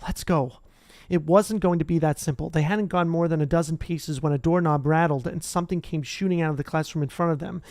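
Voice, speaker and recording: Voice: medium pitch, fairly even intonation, a little fast, a little mellow, no echo, clean studio sound. A reader reading a children's fantasy book aloud casually, chatty and rambling with self-corrections in the asides. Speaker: audiobook reader.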